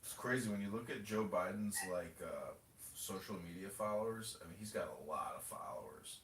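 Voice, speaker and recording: A man's voice: fairly low pitch, animated, moderate pace, fairly bright tone, distant mic. A man chatting casually on a podcast, rambling and mocking with plenty of profanity. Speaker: political candidate and podcast host. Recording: roomy audio from away from the mic with faint noise.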